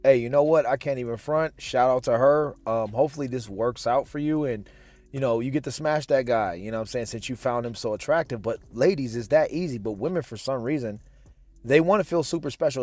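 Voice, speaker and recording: A man's voice: mid-range voice, darkish tone, no room sound. A man hosting a reaction show, giving blunt, mocking, slangy commentary on dating clips.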